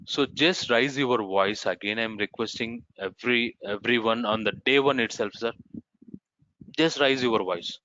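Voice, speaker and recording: A man's voice: mid-range voice, a little slow, sharp tone. A man teaching a live online course, answering students and calling them sir and ma'am. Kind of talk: live class Q&A. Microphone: video call. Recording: muffled online meeting audio.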